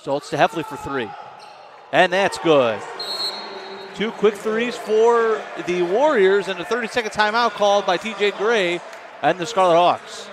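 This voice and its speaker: Male play-by-play announcer, slightly high voice, excitable calls, noisy broadcast. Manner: quick, excitable calls that rise on big plays. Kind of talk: live basketball play-by-play.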